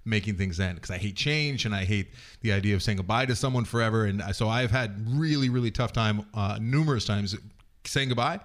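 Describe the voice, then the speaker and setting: Man, podcast guest, rapid joking banter, teasing, casual. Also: on the low side.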